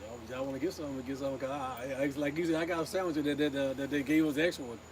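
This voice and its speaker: Joking family member, fast stammering man, far off in a room full of voices. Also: mid-range voice, fairly even intonation, crowd noise. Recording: speaking from across a busy room.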